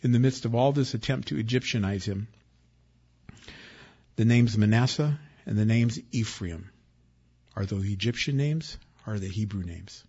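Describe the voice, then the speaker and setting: Man preaching a sermon, husky timbre, conversational with loud and hushed turns, dull lo-fi sound. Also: fairly low pitch, moderate pace, long pauses. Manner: conversational, acts out quotes, swings between loud and hushed. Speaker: pastor. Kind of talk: expository sermon. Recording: dull lo-fi recording.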